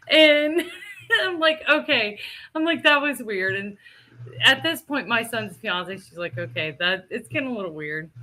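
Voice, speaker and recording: A middle-aged woman spins a story in relaxed chat, her bright, crisp voice sitting a little high. She is lively and laughs often, acting out each quote as she goes. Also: a little hiss or hum. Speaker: co-host telling a story. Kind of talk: casual storytelling.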